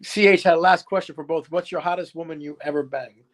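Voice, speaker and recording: A man's voice: fairly high pitch, steady tone, fast. A male livestream host reading out viewer comments, with short, dry interjections.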